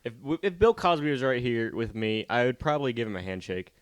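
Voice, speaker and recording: A man's voice: medium pitch, lively intonation, a little fast, no echo. Man, podcast co-host, rambling casual storyteller, dry recording. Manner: rambling storyteller, many likes and laughs. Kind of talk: casual chat.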